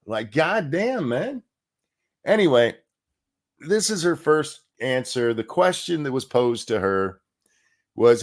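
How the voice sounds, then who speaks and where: A man's voice: a little high, very animated, takes it slowly, pauses often. A man hosting a casual livestream, rambling and sarcastic, swearing freely and restarting his sentences often. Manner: rambling and profane, with frequent restarts. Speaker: livestream host.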